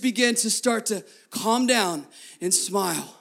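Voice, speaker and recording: A man in his thirties, a pastor preaching a sermon to his congregation, telling stories lively, repeating phrases and talking straight to the crowd. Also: high voice, a little slow, creaky. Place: church before a congregation.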